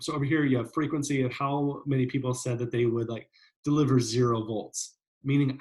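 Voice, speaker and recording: A man's voice: medium pitch, fairly even intonation, a little fast, darkish tone, rough recording. A man giving a psychology lecture in a casual, conversational way, often checking in with "right?" and using fillers. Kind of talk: classroom lecture.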